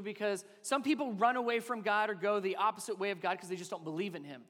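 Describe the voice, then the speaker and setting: High-voiced male pastor preaching in a reverberant hall. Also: a bit bright. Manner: conversational preaching with rhetorical questions. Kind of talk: sermon.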